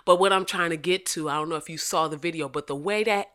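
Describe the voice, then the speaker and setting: Woman host. Bright, forceful, profane comic rant with big volume swings. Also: fast. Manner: profane, animated, swings from loud shouting to low asides. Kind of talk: casual comedic rant.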